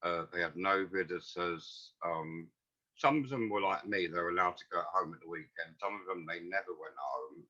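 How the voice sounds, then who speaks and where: A man's voice: deep voice, normal speed, bright, forceful tone. A man, recalling the past as a guest in a rambling, earnest way. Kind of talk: casual storytelling. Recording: dull lo-fi audio.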